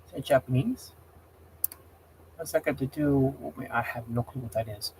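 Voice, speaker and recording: A man's voice: mid-range voice, normal speed, darkish tone, slight background noise. A man hosting a casual livestream, rambling, getting heated and exasperated as he talks. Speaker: livestream host.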